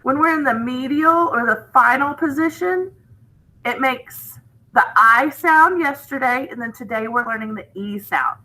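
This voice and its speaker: A woman gives a phonics lesson online, sounding out each letter and word slowly and clearly. Her voice sits a little high and bright, and she keeps checking in with her young students. The pace stays unhurried throughout. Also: poor audio. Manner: patient, repeats "okay?" to check understanding. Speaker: teacher.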